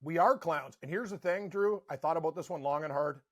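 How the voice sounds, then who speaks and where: A man's voice: a little high, a little fast, no room sound, studio quality. A man co-hosting a casual sports betting podcast from Canada, telling rambling stories packed with "like". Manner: rambling, animated storytelling with lots of "like". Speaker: podcast co-host.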